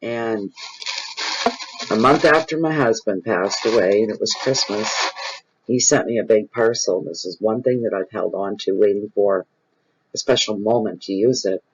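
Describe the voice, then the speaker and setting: A man, hosting his own tarot channel and talking casually and off the cuff to viewers. He is expressive and rambling, and he repeats phrases for emphasis. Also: fairly low pitch, normal speed, slight background noise. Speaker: tarot reader and channel host. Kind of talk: casual improvised spiritual talk to viewers. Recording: dull lo-fi recording.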